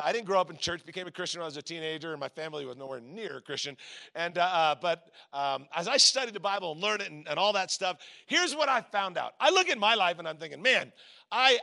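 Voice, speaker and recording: A man in his forties, a pastor telling a story in a sermon, acting out voices with sudden shouts. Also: a little high, creaky.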